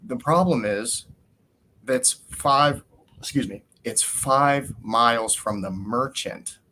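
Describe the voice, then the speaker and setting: A man's voice: mid-range voice, takes it slowly, a little hiss or hum. A man hosting a podcast, telling a story in a casual, ranting way, swearing often and acting out what people said. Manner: animated rant, swears often, acts out quotes. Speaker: podcast host.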